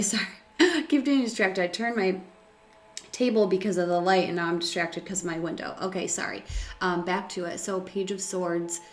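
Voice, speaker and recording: A woman's voice: fairly low pitch, darkish tone, roomy sound. A woman giving a casual, chatty tarot reading at home, full of fillers and emotion. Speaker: tarot reader. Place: room at home by a window.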